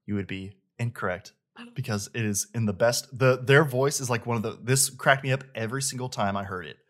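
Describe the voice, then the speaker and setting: Guy hosting a chat, excited and rambly, regular mid voice. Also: mid-range voice, brisk. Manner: enthusiastic, rambling. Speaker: host, game reviewer. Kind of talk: casual chat.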